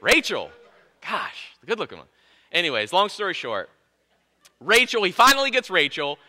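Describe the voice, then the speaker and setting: A male pastor preaching a sermon in a lively, conversational way, with self-deprecating jokes. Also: high-pitched, normal speed.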